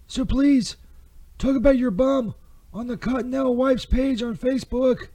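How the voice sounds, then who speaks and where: A squeaky-high, mellow-toned Saint Peter, put on by a man, fumbles through a crude comedy ad, restarting and second-guessing every take. He stammers and drifts into sarcasm. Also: fairly even intonation, moderate pace. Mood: fumbling. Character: bumbling crude male Saint Peter doing ad takes. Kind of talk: comedy ad-read sketch.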